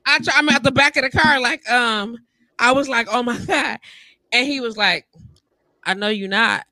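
Woman co-host, high bright voice, dry close sound, animated storyteller who laughs a lot. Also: moderate pace, no echo, poor audio. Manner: animated, laughs often, acts out quoted voices. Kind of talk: casual storytelling chat.

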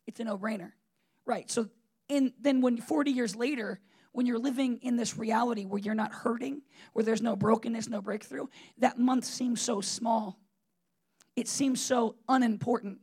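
A man's voice: extremely high pitch, creaky, a little mellow, slightly rough. A man preaching a sermon in a conversational, emphatic way, with frequent fillers and restarts.

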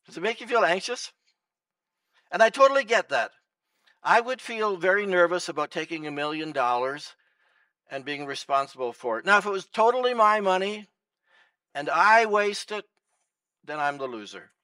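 A pastor preaching a sermon in a church, swinging between loud emphasis and soft, hushed lines. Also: male voice, high-pitched, animated, normal speed, pauses often, no echo, distant mic.

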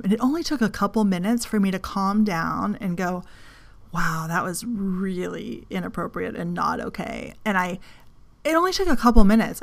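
A middle-aged woman hosting a self-help podcast, talking frankly and casually, telling a personal story with laughs and the odd swear. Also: mid-range voice. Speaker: podcast host and coach.

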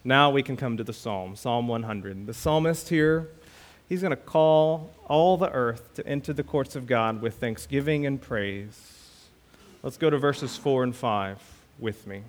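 Slow, emphatic male pastor preaching. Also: mid-range voice. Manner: slow, emphatic preaching with dramatic swings in loudness; reads scripture aloud and repeats key words for stress. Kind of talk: sermon.

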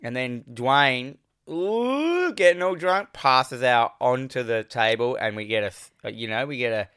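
Un hombre que presenta un podcast y cuenta una película en charla informal, riéndose e imitando las frases de los personajes. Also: male voice, medium pitch, level tone, moderate pace, bright, forceful tone, clean tone, dry recording, studio quality. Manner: laughing, retells scenes acting out the characters' lines. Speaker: podcast co-host. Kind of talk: casual movie recap chat.

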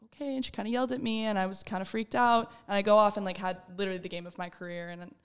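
A woman's voice: mid-range voice, fairly even intonation, racing, clean tone. A young woman from Minnesota, a college basketball player, chatting in an interview in a bubbly way and laughing often. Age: young adult. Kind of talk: casual interview.

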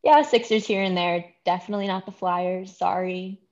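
A woman's voice: fairly low pitch, fairly even intonation, normal speed, a little mellow, dull audio. Easygoing woman chatting on a podcast. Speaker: podcast co-host. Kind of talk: casual podcast chat.

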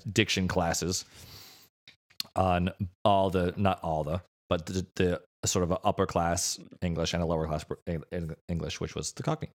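A man co-hosting a casual podcast chat, explaining a topic at length with many restarts and fillers. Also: sits low. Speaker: podcast co-host.

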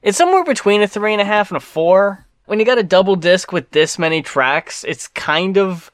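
A man hosting an album review podcast, speaking in a measured, matter-of-fact way as he gives a rating and signs off the show. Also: high-pitched, lively intonation, a bit bright, clean tone, no echo. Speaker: podcast host. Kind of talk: casual chat and show sign-off.

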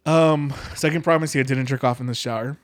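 A man's voice: mid-range voice, steady tone, quick pace, no echo. Crude, bantering podcast co-host man. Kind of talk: casual chat.

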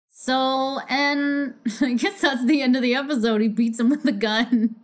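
Chatty woman with a high voice. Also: slow. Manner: swears freely, laughs often, acts out quotes. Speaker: podcast co-host. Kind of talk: casual chat recapping a TV episode.

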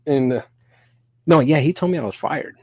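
A man in his thirties telling a story on a podcast, animated and profane, acting out both sides of an argument in quoted dialogue. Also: a little high, moderate pace, husky, dry recording. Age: 30s. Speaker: podcast guest.

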